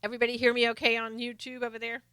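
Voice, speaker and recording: A woman's voice: a little high, monotone, very fast, bright, forceful tone, clean tone, dry recording. A middle-aged woman hosting a live stream, chatting casually and sarcastically about politics while greeting viewers by name.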